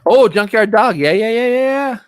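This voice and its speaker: A middle-aged man hosting a casual livestream chat, excitable and rambling as he reminisces. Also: extremely high pitch, normal speed, clean tone, no room sound. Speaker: livestream host. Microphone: streaming setup, close mic.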